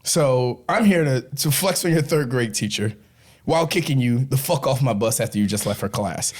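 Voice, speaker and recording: A man's voice: medium pitch, expressive, moderate pace. A man hosting a casual podcast, joking and profane, laughing often and winded from running back. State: winded, coughing. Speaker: podcast host.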